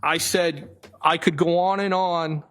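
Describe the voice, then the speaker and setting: Man with a Boston accent reading texts haltingly. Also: a little high, a little hiss or hum. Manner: flat, halting reading with self-corrections. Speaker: trial witness. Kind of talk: reading text messages aloud on the stand.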